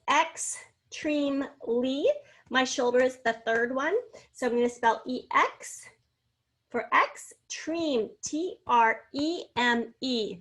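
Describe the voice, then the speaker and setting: A woman with a slightly high voice teaches a spelling lesson. She sounds out each word slowly and clearly, syllable by syllable, and then reads an example sentence. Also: sharp tone. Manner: slow, clearly enunciated, sounding out words.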